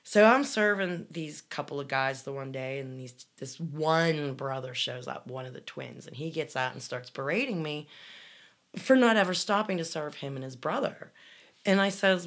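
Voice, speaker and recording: A woman's voice: deep voice, normal speed. A middle-aged woman co-hosting a casual chat show, reading listener comments and telling blunt, swearing stories. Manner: blunt, storytelling, swears freely.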